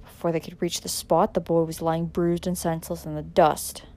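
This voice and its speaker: A woman narrating a dramatic audiobook in a measured way, pressing harder in tense moments. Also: on the low side, flat delivery, darkish tone.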